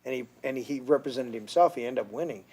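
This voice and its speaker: A man's voice: mid-range voice, quick pace, mellow, husky. A man hosting a casual podcast, rambling through stories and swearing freely. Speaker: podcast host. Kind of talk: casual chat.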